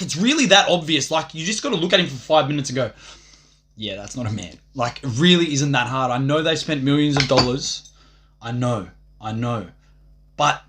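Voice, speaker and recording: A man's voice: fairly high pitch, fairly bright tone, slight background noise. A young man ranting on a livestream, boastful and profane, rambling from one thought to the next.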